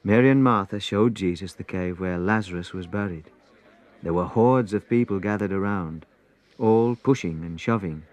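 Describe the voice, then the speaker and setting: A man reading a storybook aloud, in an expressive, unhurried way. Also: sits low. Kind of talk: storybook narration.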